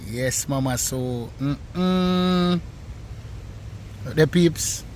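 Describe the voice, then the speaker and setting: A man's voice: a little high, very slow, slight background noise. Playful Jamaican man joking in a kitchen. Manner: playful, joking, shouts out to fans. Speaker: co-host, son of the cook. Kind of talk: casual cooking vlog banter.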